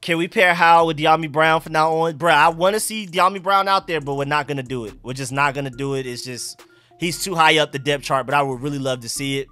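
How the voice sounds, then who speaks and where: Excitable high-voiced man reacting live. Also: fast talker, soft background music. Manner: excitable, joking, talks to chat. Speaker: sports fan livestream host.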